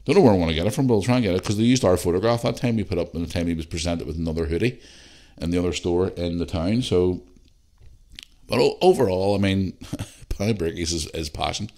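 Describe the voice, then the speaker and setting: A Northern Irish man with a very low, deep voice tells a rambling story for his podcast at home. He swears freely and pads his talk with fillers and restarts. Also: fast. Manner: swears freely, animated anecdotes with lots of fillers. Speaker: podcast host. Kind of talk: casual solo podcast storytelling. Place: living room at home.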